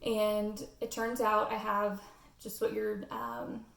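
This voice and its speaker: A woman's voice: mid-range voice, little pitch movement, takes it slowly, a bit bright, far from the mic. Hesitant American woman, echoey room. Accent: General American. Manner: hesitant, many "um" fillers. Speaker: student presenting a class assignment. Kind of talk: casual spoken class presentation.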